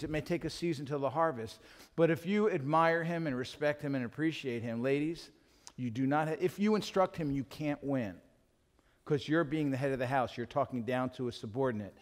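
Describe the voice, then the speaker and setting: Candid middle-aged man preaching in a hall. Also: a little high. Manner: candid, self-deprecating, acts out dialogue with his wife. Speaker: pastor. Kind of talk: sermon. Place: church sanctuary. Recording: hall reverb from a church.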